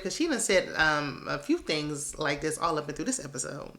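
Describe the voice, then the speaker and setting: A woman with a slightly low voice talks through a reality show recap in a casual, gossipy way. She is sassy and chatty, and her frequent laughter and pointed asides keep the talk loose. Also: sing-song, fairly quick, fairly bright tone.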